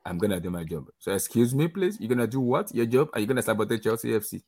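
A man's voice: on the low side, rapid-fire. A man whose first language is Arabic, ranting and mocking in a casual football podcast chat. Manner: animated, mocking rants. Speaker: football pundit.

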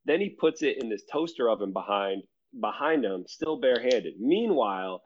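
A man's voice: medium pitch, animated, moderate pace, lo-fi sound. A man from Michigan telling a funny story in casual chat, using loose slang and laughing as he goes.

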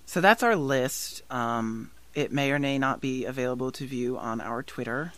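Low-voiced young woman podcast host. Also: normal speed, hardly any pauses, fairly bright tone. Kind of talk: casual movie-review chat.

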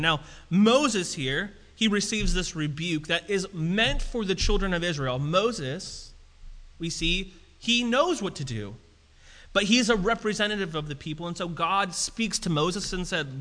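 Bright-voiced man preaching in a hall. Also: sits high, moderate pace. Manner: casual preaching with animated emphasis. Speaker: pastor. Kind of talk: sermon. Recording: reverberant hall.

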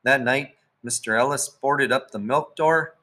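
A man's voice: medium pitch, measured pace, pushed and bright. A young man reading a first-person children's chapter book aloud as its narrator. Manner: first-person storytelling, lifting his voice for the children's lines. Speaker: audiobook narrator.

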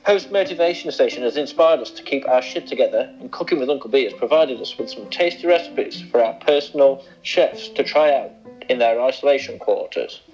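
A man doing a posh voice as a royal gentleman reading out a letter. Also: mid-range voice, lively intonation, a little fast, soft background music, natural voice. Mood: stately. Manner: exaggerated posh put-on voice. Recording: dull lo-fi sound.

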